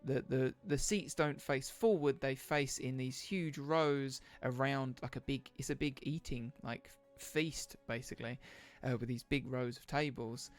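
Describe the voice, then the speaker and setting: A man's voice: medium pitch, a little slow, few pauses. Hesitant man running a tabletop game. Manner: hesitant, filler-heavy, self-deprecating. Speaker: game master. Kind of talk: narrating a tabletop game livestream.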